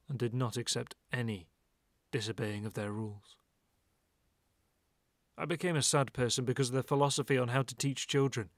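Calm male audiobook narrator. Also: mid-range voice, dry recording, clean studio sound.

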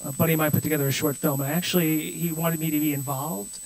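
A young man co-hosting a casual comedy chat show, wisecracking and quick with jokes. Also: on the high side, fairly even intonation, vocal fry. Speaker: co-host.

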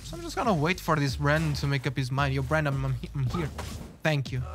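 A chatty British man commentates his gameplay live, his voice rising and swooping as he reacts. His pitch sits a touch high for a man. Game music plays clearly behind him. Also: fast talker. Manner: chatty, excitable, greets chat and reacts loudly. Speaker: streamer.

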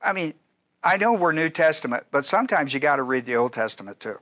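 A man's voice: a little high, very animated, fast, bright, forceful tone. A male pastor teaching a Bible study class in a conversational, digressive way, often restarting sentences and asking the audience questions.

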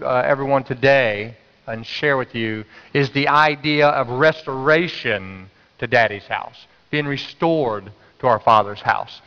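Pastor preaching in a dull, echoing hall. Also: male voice, mid-range voice, smooth. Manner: conversational storytelling, urging the congregation to respond. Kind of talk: sermon. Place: church sanctuary.

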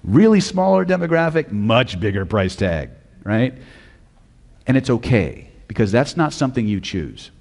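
A man's voice: mid-range voice, very animated, moderate pace, creaky, a little mellow, long reverb tail. A man teaching hypnosis at a live seminar, blunt and profane, often quizzing the audience. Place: lecture hall with audience.

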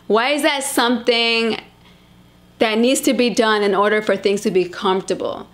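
A woman's voice: a little high, fairly even intonation, moderate pace. A woman in her late thirties giving blunt, chatty reaction commentary and talking straight to her viewers. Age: 30s.

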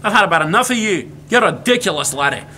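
A man's voice: high voice, lively intonation, fast talker, sharp tone, a little hiss or hum, pitched above the performer's own voice. A man voicing a grumpy, thrifty older man with a put-on Scottish brogue, scolding in a blustery way.

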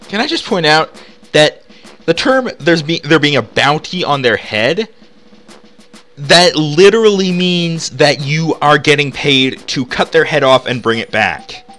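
A man talks through a video game in loose, rambling commentary full of fillers. His voice swings up and down a lot and has a bright edge. Game music plays faintly underneath. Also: a little high, expressive, a little slow. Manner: rambling, chatty, lots of "like" fillers. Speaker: let's play host. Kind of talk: casual gameplay commentary.

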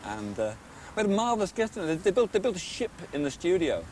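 A man's voice: high voice, big pitch swings, fast, darkish tone, a little hiss or hum. An older man reminiscing outdoors in a chatty, enthusiastic way. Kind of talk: casual reminiscing.

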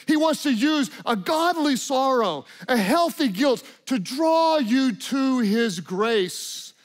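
A man preaching a sermon, swinging between loud emphatic declarations and hushed, intimate tones. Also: extremely high pitch. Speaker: pastor.

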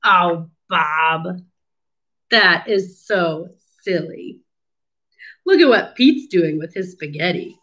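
A woman's voice: fairly low pitch, animated, fairly bright tone. A woman, a speech therapist, reading a picture book to children and asking them encouraging questions. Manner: slow, encouraging, asks the listener questions. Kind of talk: children's storybook read-aloud lesson.

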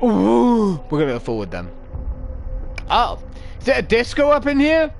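A man's voice: very high-pitched, huge pitch swings, normal speed, gravelly, soft background music. A man commentating a horror game, jumpy and swearing a lot with nervous yelps and laughs. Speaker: gaming video host. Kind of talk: let's play commentary.

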